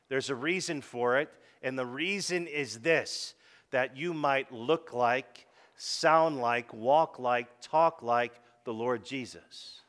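A man's voice: mid-range voice, fairly bright tone. A man preaching a sermon, leading the congregation in call-and-response. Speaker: pastor.

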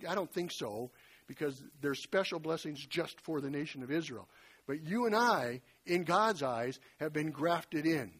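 A man preaching a sermon in a conversational way, retelling scripture with lively folksy asides and a slightly husky voice. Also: on the high side.

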